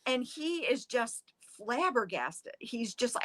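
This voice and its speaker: A woman's voice: on the high side, slow pace, few pauses, dry recording. A middle-aged woman, a museum director, telling a historical story with drama and acting out the quotes. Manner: animated, acts out the quotes.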